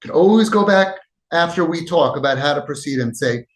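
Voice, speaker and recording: Male podcast host, slightly high voice, emphatic advice talk, echoey room. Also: expressive, fairly quick. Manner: emphatic, acts out quoted dialogue, swings between loud and soft.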